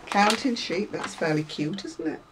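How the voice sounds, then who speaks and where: Low-pitched woman, chatty craft vlog, self-deprecating asides, faint background hiss. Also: normal speed, rough recording. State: unwell. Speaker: craft vlogger. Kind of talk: casual chat to viewers.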